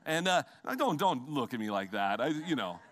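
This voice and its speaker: A man's voice: mid-range voice, very animated, moderate pace, a bit bright. A middle-aged man preaching a sermon as pastor, in a conversational style with asides to the congregation. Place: church sanctuary.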